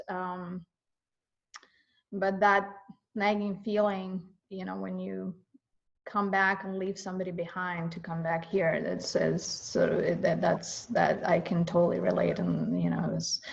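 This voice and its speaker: A middle-aged woman from Russia hosting a casual video-call interview, talking haltingly with many restarts and getting emotional. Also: lowish voice, fairly even intonation, vocal fry. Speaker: host. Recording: muffled lo-fi stream audio.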